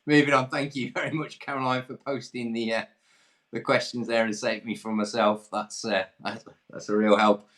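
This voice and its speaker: A man's voice: mid-range voice, flat delivery, moderate pace, fairly bright tone. A man from England hosting an online pub quiz, reading questions in a jokey, self-deprecating way. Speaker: quiz host.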